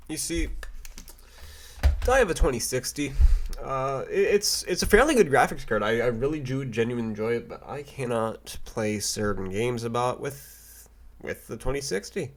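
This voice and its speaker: A man's voice: mid-range voice, animated, normal speed, fairly bright tone. A young man ranting casually on a vlog, rambling and stammering with many restarts and fillers, swearing now and then. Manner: mock voices for quoted people. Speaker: vlogger. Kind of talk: casual rant to camera.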